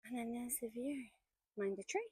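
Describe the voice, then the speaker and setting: A woman's voice: a little high, moderate pace, a little mellow, breathy edge, dry recording, rough recording. A woman in her forties who chats and tells stories while walking outdoors through woods, now and then dropping to a whisper. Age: 40s. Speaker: vlogger. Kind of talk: casual walking vlog narration. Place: outdoors in woodland.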